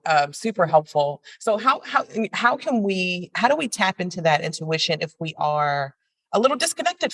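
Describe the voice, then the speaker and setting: A woman hosting a laid-back podcast interview, asking loose questions that stop and restart. Her voice sits on the low side. The sound is close and dry with no room in it. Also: a bit bright, no echo, distant mic. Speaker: podcast host.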